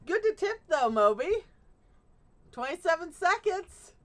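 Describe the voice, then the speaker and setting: A woman's voice: very high-pitched, very animated, a little slow. A woman streaming a game live, chatting casually with her viewers, reacting to their messages and laughing often. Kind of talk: casual live-stream chat while gaming.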